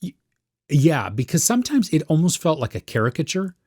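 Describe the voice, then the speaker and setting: A man's voice: on the high side, sing-song, a little fast, darkish tone, breathy edge, no room sound, clean studio sound. A man co-hosting a podcast, chatting casually about a series he watched and searching for his words as he goes. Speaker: podcast co-host. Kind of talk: casual film review chat.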